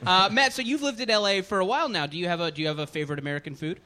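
A man's voice: high voice, racing, sharp tone. A man hosting a live comedy quiz show on stage, reading out questions and cracking jokes between them. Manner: jokey, reads questions then riffs.

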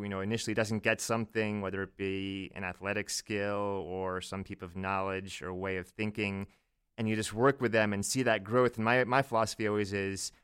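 Casting: earnest man with a neutral American accent, calm guest answers, clean low voice. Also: clean tone, no room sound. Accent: General American. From Virginia Beach, Virginia. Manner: measured, earnest, laughs easily. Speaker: law professor, podcast guest. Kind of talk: casual interview answers.

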